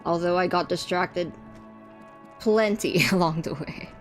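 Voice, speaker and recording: A woman's voice: on the low side, a little slow, faint music behind. A woman streamer chatting casually to her viewers while playing a game, rambling with fillers and restarts. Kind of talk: casual gameplay commentary.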